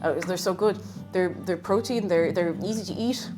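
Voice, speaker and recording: A woman with a fairly low-pitched voice talks at a normal speed over music. Hosting a live stream from her home kitchen, she chats casually and playfully with viewers and makes silly asides.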